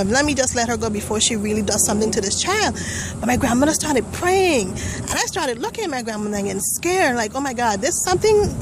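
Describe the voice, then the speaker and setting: A young woman with a somewhat high voice gives a personal testimonial. She tells it vividly and acts out the voices and thoughts she remembers. Faint background noise sits under her voice. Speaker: testimonial speaker.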